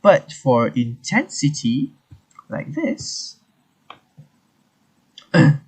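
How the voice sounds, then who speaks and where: Young male student walking through a tutorial, unhurried and halting, slightly husky. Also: mid-range voice, wildly swooping pitch. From Malaysia. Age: young adult. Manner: unhurried, halting, talks through on-screen steps. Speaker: student presenter. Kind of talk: screen-recorded software tutorial.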